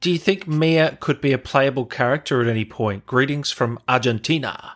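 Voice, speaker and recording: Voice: medium pitch, moderate pace. An interview host reading out viewer questions and praising the guest enthusiastically. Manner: enthusiastic, complimentary.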